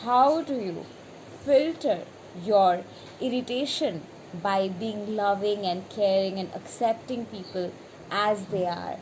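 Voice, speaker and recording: A woman's voice: on the low side, background noise. A woman spiritual coach giving an emphatic motivational talk on a live stream, acting out anxious voices as she goes. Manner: animated, acts out anxious voices; repetitive, emphatic. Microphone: phone or webcam on a live stream.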